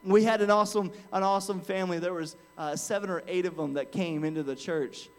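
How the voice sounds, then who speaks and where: Earnest preaching man, slightly high voice. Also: steady tone, a little fast, smooth. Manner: earnest, builds from quiet storytelling to forceful preaching; frequent restarts and "amen" asides. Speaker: guest pastor. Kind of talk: sermon with storytelling.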